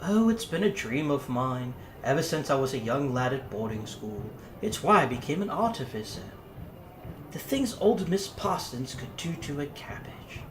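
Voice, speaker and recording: A man voicing an eccentric upper-class English gentleman inventor with a plummy, jovial manner. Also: mid-range voice, moderate pace, close to an everyday voice. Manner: plummy, jovial, lively swoops. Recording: roomy echo, faint noise.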